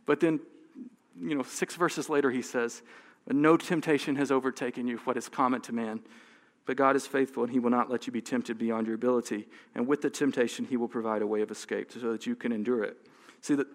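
A man's voice: medium pitch, fairly even intonation, a little fast. A man preaching a sermon in a conversational way, often restarting words and laughing lightly. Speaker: pastor. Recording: long hall reverb.

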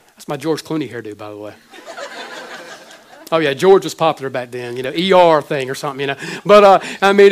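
A high-pitched man in his forties preaches from the pulpit as a pastor. His delivery is heartfelt and halting, full of restarts and repeated words. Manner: emotional, halting with many restarts. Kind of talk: sermon.

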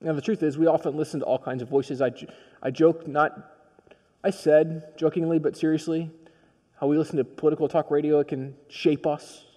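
A male pastor preaching a sermon, telling a story in a personal, conversational way that swings from quiet to emphatic. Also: on the high side, level tone, a little fast, long reverb tail.

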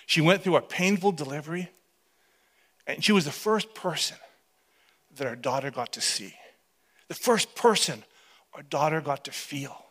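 Bright, high-voiced man preaching a story. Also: normal speed, pauses often. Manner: animated, dramatic storytelling that drops to hushed tones. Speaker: pastor. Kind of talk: storytelling sermon.

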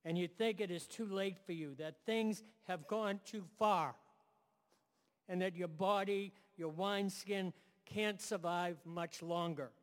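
A man's voice: high voice, a little slow, big-room sound. A man preaching a sermon to a room and online audience, emphatic, building phrases in repeated lists.

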